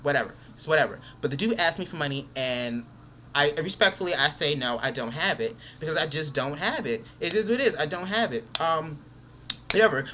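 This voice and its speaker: A man's voice: fairly high pitch, sharp tone, slight background noise. Angry young man ranting to camera. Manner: heated, profane, repeats himself. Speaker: vlogger.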